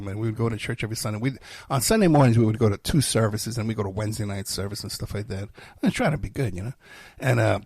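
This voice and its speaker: A man's voice: fairly low pitch, darkish tone, no room sound. A man hosting a podcast, telling a personal story in a rambling casual way with many fillers. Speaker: podcast host.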